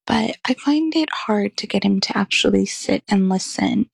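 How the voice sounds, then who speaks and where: A woman calling in to ask for parenting advice, putting her question slowly and haltingly, with a raspy voice. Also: mid-range voice, expressive, no room sound. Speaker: caller, parent asking for advice. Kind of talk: asking a question on a call-in show.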